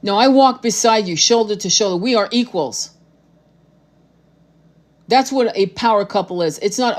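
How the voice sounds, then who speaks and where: A woman streaming live as a tarot reader, speaking bluntly and with plenty of swearing. She is fiery and emphatic, circling back to repeat her points, in a voice of ordinary middle pitch. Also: unhurried, pauses often. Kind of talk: live-streamed spiritual talk.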